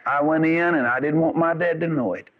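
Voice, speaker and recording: A man's voice: a little high, brisk. A man preaching a sermon, telling folksy stories with rising and falling emphasis. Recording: dull lo-fi radio broadcast.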